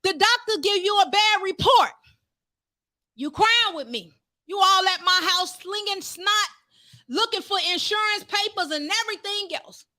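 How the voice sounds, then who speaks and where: High, bright-voiced woman preaching fervently. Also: unhurried, dry recording. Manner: fervent, rising to shouts, calls out to the congregation. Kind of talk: sermon.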